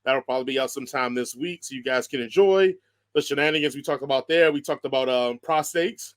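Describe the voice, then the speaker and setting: A man's voice: medium pitch, a little fast. A man hosting a podcast in casual chat, joking, laughing often and rambling through lists. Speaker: podcast host.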